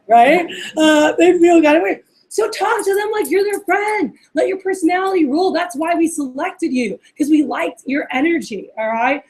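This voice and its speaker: A woman's voice: high-pitched, expressive, fairly quick, darkish tone, poor audio. A woman running a workplace training session for receptionists, chatting casually and acting out sample phone calls. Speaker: office manager training receptionists.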